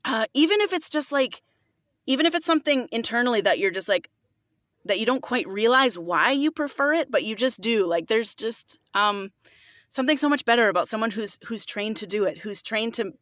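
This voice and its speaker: A woman's voice: fairly high pitch, animated, a little fast, a bit bright, no room sound, clean studio sound. A woman who is a voiceover artist, talking earnestly in casual conversation with frequent filler words. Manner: earnest, lots of filler likes.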